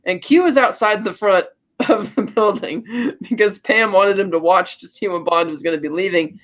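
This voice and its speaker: A man with a notably high voice runs through a film's story in a loose, casual recap. He tells it with animation and often trips and restarts mid-sentence. The audio is slightly muffled and lo-fi. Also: normal speed, fairly bright tone. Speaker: podcast co-host.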